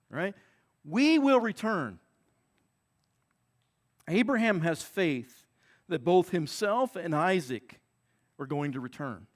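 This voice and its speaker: A pastor preaching a sermon in an earnest manner, often repeating words for emphasis. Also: male voice, high voice.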